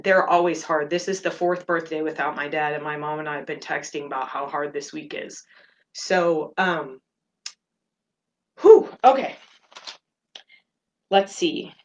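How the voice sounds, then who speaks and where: Low-voiced woman hosting a reflective talk. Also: fairly even intonation. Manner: earnest and open, speaks in halting phrases with fillers. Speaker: meditation podcast host.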